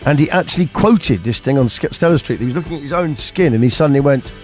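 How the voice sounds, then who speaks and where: A man's voice: medium pitch, animated, fast, darkish tone, faint music behind. A man hosting a radio show, telling rambling anecdotes in casual chat. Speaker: radio host.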